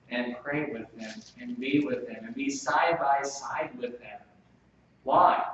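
A pastor preaching a sermon, swinging from soft, slow stretches to sudden loud bursts. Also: male voice, mid-range voice, a little hiss or hum. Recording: echoey room, distant mic, dull sound.

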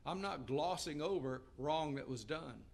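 A man's voice: on the high side, expressive, a little slow, gravelly. A middle-aged male pastor preaching in a slightly raised register. He delivers his sermon earnestly and lifts his voice when he reads scripture aloud.

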